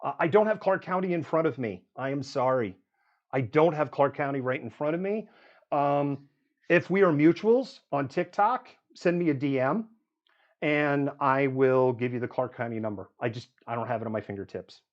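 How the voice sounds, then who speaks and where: A man's voice: medium pitch, normal speed, lo-fi sound. A man hosting a live news show, reeling off statistics with frequent "um"s and running commentary. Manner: reels off statistics with frequent fillers.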